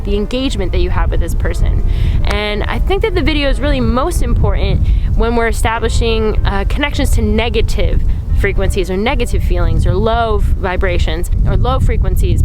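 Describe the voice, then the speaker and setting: A woman's voice: mid-range voice, rough recording. A woman hosting a spiritual self-help talk, speaking earnestly and rambling with many fillers. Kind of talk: casual spiritual talk to camera.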